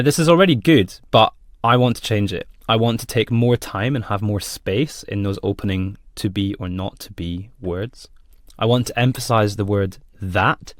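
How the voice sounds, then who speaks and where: A man presenting a software demo in a friendly, plain explanatory tone. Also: lowish voice, no room sound, studio quality. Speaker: product presenter.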